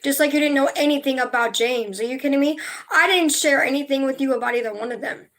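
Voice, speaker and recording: Young woman venting on her morning livestream, kinda high voice, rambly and swears a lot. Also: quick pace, fairly bright tone. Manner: emotional, rambling, swears freely. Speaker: vlogger. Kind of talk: casual livestream chat.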